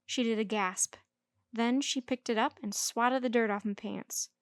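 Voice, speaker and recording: A woman storyteller reading a children's book aloud in lively first-person narration. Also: a little high, unhurried, no room sound. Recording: dry close recording.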